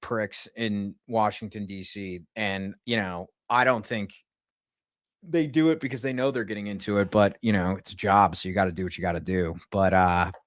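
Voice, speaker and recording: A man streaming live and chatting with his viewers, talking in an excitable, gleeful, profane way. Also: on the low side, moderate pace, no echo, studio quality. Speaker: streamer and prank caller. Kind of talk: casual live-stream chat.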